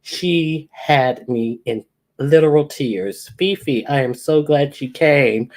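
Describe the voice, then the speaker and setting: A woman's voice: low-pitched, slow, darkish tone. A woman hosting a casual livestream, reading out viewers' names one by one and teasing them playfully. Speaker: livestream host. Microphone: computer or phone mic with echo.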